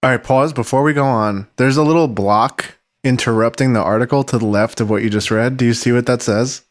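A man's voice: medium pitch, a little fast. A man co-hosting a comedy podcast, asking questions and steering the chat back on topic. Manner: quizzical, steers the conversation. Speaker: podcast co-host.

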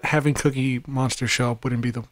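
A man's voice: medium pitch, steady tone, a little fast, no room sound. A man on a comedy podcast, laid-back and trading dry one-liners. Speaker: podcast co-host. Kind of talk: casual comedic podcast banter.

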